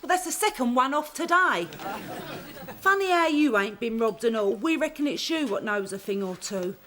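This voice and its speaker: An actress playing an indignant, quick-tempered housewife married to a prisoner. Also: female voice, a little high, animated, bright, forceful tone, a faint crowd. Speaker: sitcom character. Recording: audible background noise.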